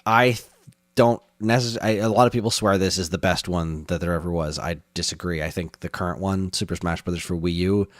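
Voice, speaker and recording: A fairly low-voiced man co-hosts a gaming podcast in loose, casual chat. He is enthusiastic and rambling, and laughs often. His voice is close and dry on a studio mic. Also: fairly quick, no echo. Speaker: podcast co-host.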